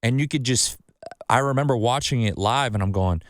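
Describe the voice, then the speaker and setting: Speaking fairly quickly at medium pitch, this casual podcast host rambles through a story peppered with swearing, performing the things he said himself. The recording is dry, with clean studio sound.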